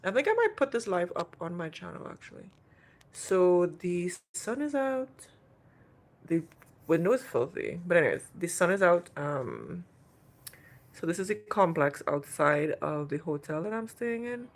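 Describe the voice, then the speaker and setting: Hosting a relaxed livestream from her hotel room, a Trinidad and Tobago woman with a faint Trinidadian accent fields viewer questions. Her voice sits on the low side, sing-song and measured in pace. She chats and rambles, with plenty of restarts.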